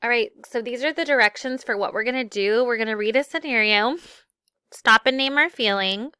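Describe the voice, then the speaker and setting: A woman's voice: fairly high pitch, brisk, sharp tone, clean tone, no room sound, studio quality. A woman teacher leading a classroom lesson for children, upbeat and acting out example phrases.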